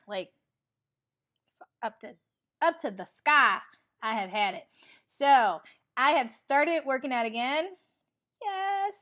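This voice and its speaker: A woman in her forties talking casually in a motivational vlog, chatty and animated, acting out what people say. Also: a little high. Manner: chatty and animated, acts out quoted lines. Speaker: vlogger.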